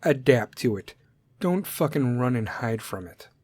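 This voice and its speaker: A man hosting a segment, ranting bluntly and aggressively at listeners and swearing constantly, his volume swinging between loud and soft. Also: medium pitch, lively intonation, measured pace, breathy edge, dry recording. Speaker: podcast segment host. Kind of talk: profane rant to listeners.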